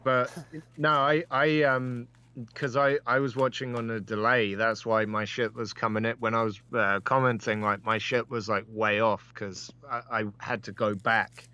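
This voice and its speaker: A man co-hosting a podcast, talking haltingly and circling back over his points. His voice comes through dull and lo-fi. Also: medium pitch, flat delivery, bright, forceful tone, clean tone. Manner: halting, repeats phrases, restarts. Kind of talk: casual chat.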